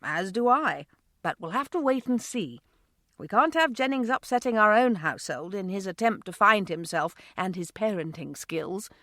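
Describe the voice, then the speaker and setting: A woman voicing a steady, kind husband and father who speaks calmly and reassuringly. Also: mid-range voice, moderate pace, no echo, clean studio sound.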